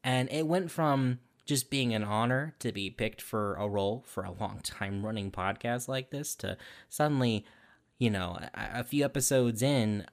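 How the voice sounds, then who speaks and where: A man who voices a role in an audio drama, giving a casual recorded testimonial. He talks with enthusiasm, rambling with many fillers. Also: on the low side.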